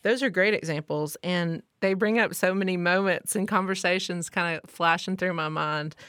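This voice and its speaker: A woman's voice: on the low side, normal speed, fairly bright tone, clear, resonant tone, dry recording, studio quality. A woman hosting a podcast interview, affirming her guest and asking long, careful questions. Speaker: podcast host.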